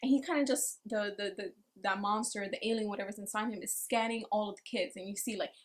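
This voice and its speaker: A fast-talking woman with a mid-range voice recaps an anime episode in a casual style. As an anime reviewer, she peppers the story with swearing and animated, acted-out quotes.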